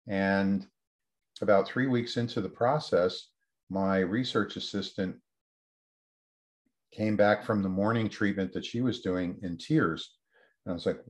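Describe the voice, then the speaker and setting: A man's voice: lowish voice, darkish tone. A man, a researcher, telling a story in an interview answer and acting out the quoted voices with lots of energy. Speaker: researcher guest.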